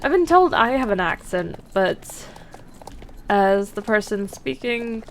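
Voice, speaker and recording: A woman's voice: medium pitch, lively intonation, slow, a little hiss or hum. A woman streamer chatting casually and laughing at herself while playing a horse-riding game. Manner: chatty, giggly, self-deprecating. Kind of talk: casual gameplay commentary.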